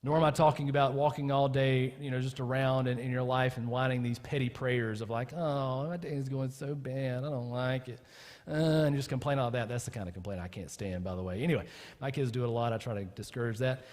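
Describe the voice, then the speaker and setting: A man's voice: mid-range voice, steady tone, fast, a little mellow, long reverb tail. A man preaching a sermon as pastor, talking casually with his congregation and building to impassioned emphasis. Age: adult with children. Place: church.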